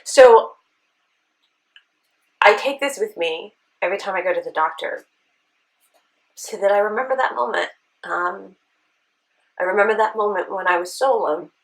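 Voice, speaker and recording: A woman's voice: mid-range voice, normal speed, long pauses, rough recording. A woman vlogger telling an emotional personal story, earnest and sometimes near tears, often checking in with a "right?". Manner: earnest, tearful at times, with rhetorical "right?". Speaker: beauty vlogger.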